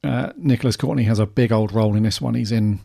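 A man's voice: lowish voice, quick pace, creaky, warm tone, breathy edge. A man co-hosting a podcast, chatting in a friendly, agreeable way. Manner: friendly, agreeable, says "mate". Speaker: podcast co-host. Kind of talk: casual fan chat.

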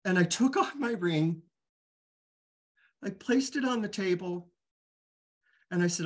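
A man's voice: sits high, lively intonation. Guy telling his own story, keeps stumbling and repeating words, earnest, open. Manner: halting, repeats words and restarts often. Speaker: guest sharing his recovery story. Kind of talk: candid personal storytelling.

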